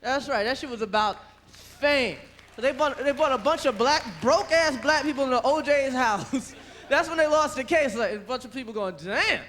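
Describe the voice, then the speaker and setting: Brash high-voiced male comedian. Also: normal speed, fairly bright tone. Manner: brash, profane, emphatic. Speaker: stand-up comedian. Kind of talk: stand-up comedy. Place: large theater stage. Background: audience laughter.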